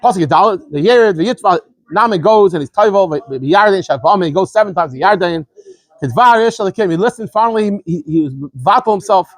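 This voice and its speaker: Fast, high-voiced man teaching a scripture class. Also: no echo. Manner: quick, animated explaining with frequent stammered repeats. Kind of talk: informal Torah lesson.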